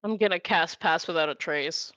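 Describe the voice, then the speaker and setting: A woman player speaking casually in a lower, somewhat dull-sounding voice through a lo-fi mic. She hesitates and takes her choices back in a loose, chatty way, with a dry sound. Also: normal speed, a bit bright, no room sound. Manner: casual, indecisive, self-correcting. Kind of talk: tabletop game play.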